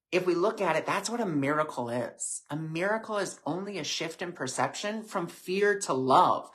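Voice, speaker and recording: Man, spiritual talk, live stream, gentle, repetitive phrasing, casual fillers. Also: fairly high pitch. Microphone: webcam or phone on a live stream.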